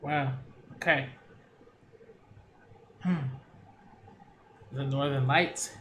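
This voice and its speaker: A man's voice: medium pitch, steady tone, extremely slow, bright, forceful tone, a little hiss or hum. Laid-back man reading manga aloud. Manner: laid-back, chatty, stumbling on words. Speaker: manga reviewer. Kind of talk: casual read-aloud commentary.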